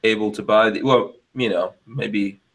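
A man's voice: fairly low pitch, fairly even intonation, measured pace, a bit bright. A man in casual podcast chat, asking curious follow-up questions.

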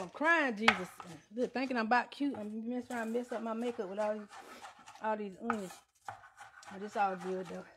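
A woman chatting to viewers while cooking in her home kitchen, on a lapel mic. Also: fairly high pitch. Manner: chatty, addresses viewers as y'all, Southern US Black vernacular. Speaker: home cook livestreaming. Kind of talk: casual cooking livestream. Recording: loud background noise, kitchen clatter.

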